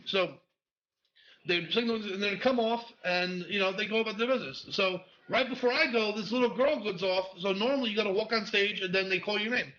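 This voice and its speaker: A man telling a profane, animated story about his stand-up debut, acting out voices in the quotes. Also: sits high, moderate pace, dull audio. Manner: acts out voices in quoted speech.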